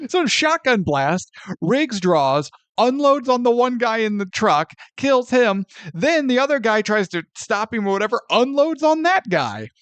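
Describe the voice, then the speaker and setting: Animated high-voiced man reviewing movies. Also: a little slow, clear, resonant tone, no room sound. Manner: animated, acts out scenes with sound effects and quoted voices. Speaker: podcast co-host. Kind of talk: casual movie review chat.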